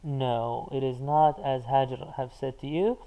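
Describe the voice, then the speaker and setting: A man teaching an online lesson, explaining patiently and pausing often with filler sounds as he answers chat comments. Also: mid-range voice, steady tone, warm tone, poor audio. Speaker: Arabic teacher.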